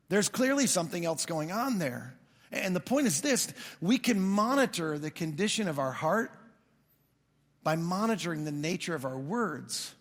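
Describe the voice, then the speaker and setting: A man's voice: high voice, a little fast, in a large hall. A man preaching a sermon as pastor, telling stories in a loose, conversational way and acting out the people he quotes. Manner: conversational storytelling with animated quoted asides. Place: church auditorium.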